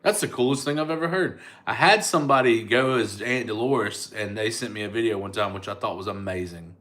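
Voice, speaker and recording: On his livestream, a middle-aged comedian keeps things casual, replying to viewer comments and thanking them by name in a laid-back, talkative manner. His voice is medium-pitched and a little bright.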